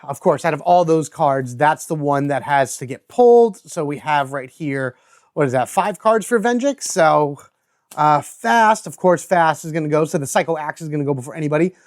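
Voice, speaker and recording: A man with a high voice hosts a solo board game playthrough. He chats casually, thinking out loud about his moves and reading card text aloud as he plays. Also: expressive, moderate pace. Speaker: host.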